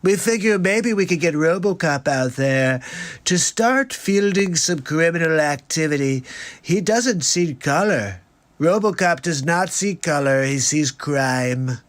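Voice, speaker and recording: A man's voice: a little high, animated, a little slow. A man doing an impression of a brash, boastful male politician who announces plans and keeps repeating "that's right". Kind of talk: live comedy impression.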